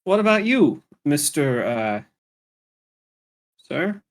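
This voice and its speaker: A man's voice: on the high side, big pitch swings, slow pace. A man playing a tabletop role-playing game, speaking in character with dry, exasperated sarcasm. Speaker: player.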